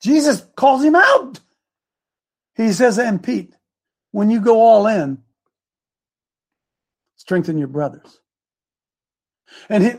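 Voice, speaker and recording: A man serving as preacher and host of a live show walks through scripture with loose, slangy energy, acting the verses out in street talk rather than reading them. His voice is high and a little husky. He is very animated, speaks slowly, and pauses often.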